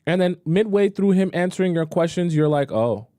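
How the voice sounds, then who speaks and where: A man's voice: high voice, steady tone, brisk, warm tone, no room sound, studio quality. A man hosting a live dating-advice stream in a casual, emphatic way, often repeating himself to drive his point home.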